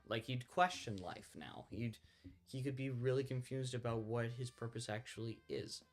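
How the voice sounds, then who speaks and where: A man's voice: mid-range voice, moderate pace. A young man with a mid-range voice co-hosts a casual Bible discussion podcast. He sounds exasperated and keeps pulling the talk back on topic. Faint music plays behind him. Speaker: podcast co-host.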